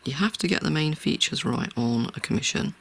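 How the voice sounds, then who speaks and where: An art tutor walks through a drawing tutorial in real time, speaking softly and reassuringly, often close to a whisper. The voice sits in the mid-range and is expressive and brisk, with a gravelly, slightly rough texture.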